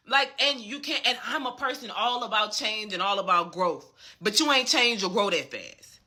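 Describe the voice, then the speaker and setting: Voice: medium pitch, animated, moderate pace, sharp tone. A vlogger delivering a fired-up, profane commentary rant and repeatedly checking in with the listener. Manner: emphatic and profane, often asking "you get what I'm saying". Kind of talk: ranting commentary.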